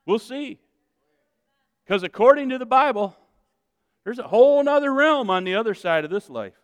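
High-voiced energetic preacher man. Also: moderate pace, clear, resonant tone, no echo, long reverb tail. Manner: energetic preaching, swings from loud shouts to quiet asides. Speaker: pastor. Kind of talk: sermon. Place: church sanctuary with congregation.

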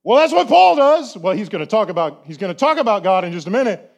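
A pastor preaching a sermon, chatty and full of rhetorical questions, slowing down to stress key words. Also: male voice, high-pitched, very animated, gravelly, highs cut off.

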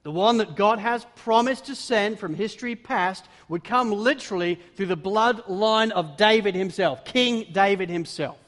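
A man preaching a sermon, with dramatic swings between loud exclamations and hushed emphasis. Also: sits high, normal speed, few pauses. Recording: long hall reverb.

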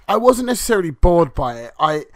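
A man's voice: on the high side, big pitch swings, brisk, a bit bright, dry recording. Hesitant man on a dry mic. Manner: hesitant, restarts, thinking aloud. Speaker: podcast co-host. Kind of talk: casual wrestling podcast banter.

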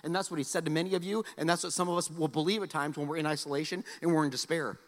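A man preaching a sermon, telling a personal story with animated, loud exclamations and soft, earnest appeals. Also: on the high side, very fast. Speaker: pastor. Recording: long hall reverb.

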